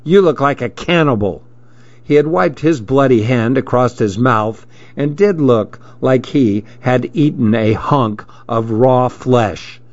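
A man narrating a story in a measured, steady reading voice, in a dull lo-fi recording. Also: medium pitch.

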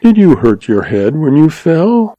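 A proud young ranch woman, deliberate and sugary-sweet with a teasing bite, as a male narrator voices her. Her voice sits high above his own register. The reading is close and dry. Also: sing-song, no room sound, dull audio. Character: young woman ranch heiress, cool and mocking.

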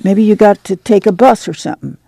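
Man doing an anxious farm mother, gravelly, low warm tone, folksy talk, audiobook reading, dry sound. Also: animated, a little fast, dry recording, heavily acted. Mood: insistent. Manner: folksy rural dialect, pleading and stern. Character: worried poor farm mother, middle-aged woman, tender but firm.

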